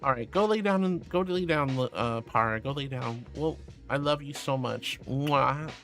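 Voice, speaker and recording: A man's voice: medium pitch, moderate pace, fairly bright tone, soft background music. A man streaming as a VTuber, reading chat aloud in a sweet, doting way and calling viewers sweetie and honey.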